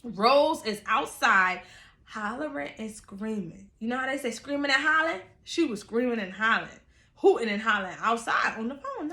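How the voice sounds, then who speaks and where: A woman telling a personal story in a casual, animated, chatty way, laughing often, in an echoey room. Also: on the high side, normal speed. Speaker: storyteller vlogger.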